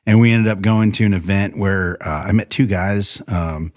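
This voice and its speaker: A man with a very low voice tells rodeo stories in a loose, rambling way, full of restarts and fillers. He jumps into other people's lines and laughs often. The sound is close and dry, with no room echo. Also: moderate pace, darkish tone. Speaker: podcast guest, rodeo bullfighter and horseman. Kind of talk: casual storytelling interview.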